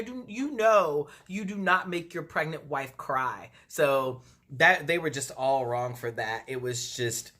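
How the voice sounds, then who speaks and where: Bright-voiced chatty gossiping woman. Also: low voice, slow. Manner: chatty, gossipy, animated retelling; acts out quotes in exaggerated voices. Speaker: reality TV recapper. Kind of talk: casual review vlog.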